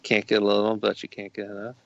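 Easygoing gravelly man on a podcast. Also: lowish voice, completely flat delivery, fast, no room sound. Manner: easygoing, chuckling, teasing. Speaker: podcast co-host. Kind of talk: casual chat. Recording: dull dry lo-fi recording.

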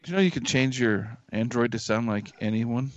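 This podcast co-host is a man with a medium-pitched voice at normal speed, loose, easily amazed and swearing freely in casual chat. The recording is dull, lo-fi and dry, with no room sound.

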